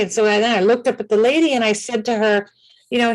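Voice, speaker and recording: Woman guest, kinda high voice, earnest rambly storytelling, heartfelt. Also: fairly even intonation, fast, low-quality recording. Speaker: caregiver support founder. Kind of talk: personal storytelling on a talk show.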